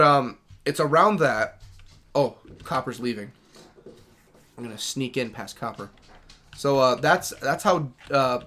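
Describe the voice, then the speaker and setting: Bright-voiced, rambling young gaming streamer. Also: male voice, medium pitch. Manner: rambling, with sudden excited outbursts. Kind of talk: casual let's-play commentary.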